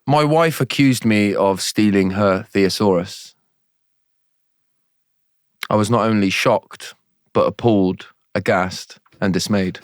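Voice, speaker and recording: A man's voice: on the low side, slow pace, pauses often, no echo, clean studio sound. A man co-hosting a casual podcast chat, telling dad jokes and laughing often. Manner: jokey, laughs often, playful storytelling. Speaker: podcast co-host.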